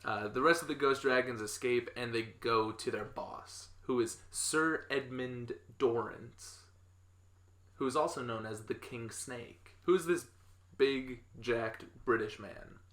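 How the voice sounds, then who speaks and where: A young man with a bright, forward voice retells a comic book plot to his co-host, rambling and chatty. He drops into quick impressions of characters. The room around him is echoey. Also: mid-range voice. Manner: rambling storyteller, acts out quotes, laughs often. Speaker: podcast co-host recapping a comic. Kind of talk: casual chat.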